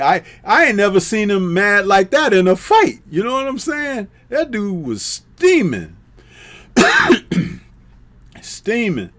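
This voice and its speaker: A man hosts a live boxing talk stream in a slow, unhurried drawl. He reads out viewer comments one by one and answers them with easygoing, chuckling asides. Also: a little high, a bit bright. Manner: laid-back, drawn-out, chuckling asides.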